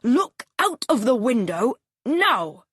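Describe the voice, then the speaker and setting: A woman's voice: a little high, sing-song, slow pace, husky, no room sound, studio quality, pitched above the performer's own voice, full character voice. A woman reading a storybook aloud and voicing a rich, harsh businessman father who barks commands. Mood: commanding. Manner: commanding, barking orders.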